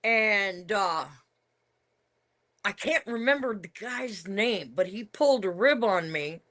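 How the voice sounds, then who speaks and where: A woman's voice: medium pitch, animated, slow, fairly bright tone. An older woman, a retired wrestler, telling stories from her career in a casual interview. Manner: reminiscing storyteller, emphatic.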